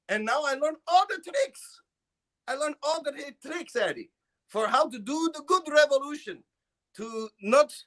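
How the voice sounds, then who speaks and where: A man's voice: extremely high pitch, fairly bright tone, voice pushed up. A man voicing a boastful Serbian man in broken English, with a put-on Serbian accent, sly and gleeful.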